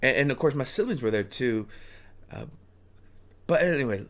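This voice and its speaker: A man's voice: mid-range voice, expressive, moderate pace, a bit bright. A man casually telling a personal story, rambling with restarts and chuckles.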